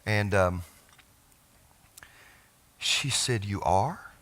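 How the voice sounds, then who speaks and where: Preaching from a church pulpit, a middle-aged pastor shares an emotional family story in his sermon. His pitch is low but carries a bright, forward edge. He frequently restarts phrases and lets them fade into a hush.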